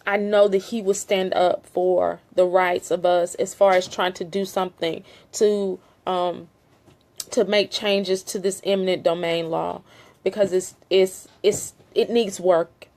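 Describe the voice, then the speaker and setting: A woman's voice: fairly low pitch, little pitch movement, measured pace, a little mellow. Earnest middle-aged woman pleading. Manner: earnest, emphatic, with repetition and fillers. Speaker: family member speaking out on a land dispute. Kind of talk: impassioned direct-to-camera appeal.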